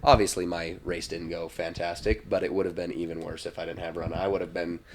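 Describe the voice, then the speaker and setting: A man on a podcast as a guest, telling his story in a relaxed, chatty way with lots of fillers. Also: sits low, fast talker, slight background noise. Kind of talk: casual chat.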